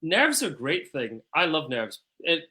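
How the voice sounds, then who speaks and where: A man's voice: on the high side, big pitch swings, pushed and bright. A man who performs in musicals, talking earnestly and enthusiastically as an interview guest. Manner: earnest, enthusiastic, fast bursts. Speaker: musical theatre singer and guest. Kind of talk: casual chat.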